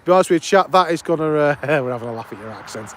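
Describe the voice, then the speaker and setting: A man livestreams outdoors at an airport, chatting casually and enthusiastically with viewers, greeting them by name and adding excited commentary. His voice sits on the high side and is fairly bright, animated and rapid-fire. Slight background noise is audible.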